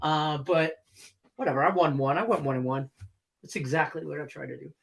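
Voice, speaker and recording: A man's voice: a little high, fairly quick, creaky, a bit bright. A man co-hosting a sports betting chat, telling a rambling story with casual swearing. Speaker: co-host.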